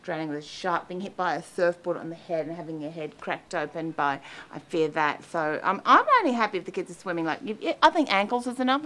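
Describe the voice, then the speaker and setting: A woman's voice: lowish voice, a bit bright. A middle-aged woman, a comedian rambling through a confessional monologue about her fears in a self-deprecating, anxious way. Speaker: comedian and columnist.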